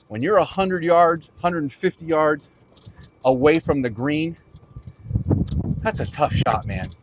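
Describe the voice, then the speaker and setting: Lively, playful man coaching golf outdoors. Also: mid-range voice, slight background noise. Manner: playful, animated coaching with vivid imagery. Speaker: golf instructor. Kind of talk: on-course golf tutorial.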